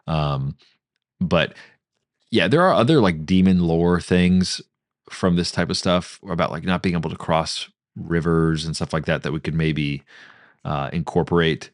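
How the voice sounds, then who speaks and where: A man's voice: sits low, unhurried, no echo, studio quality. A man co-hosting a podcast, brainstorming a story in a playful, casual chat. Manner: animated, playful, slips into character voices. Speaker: podcast co-host.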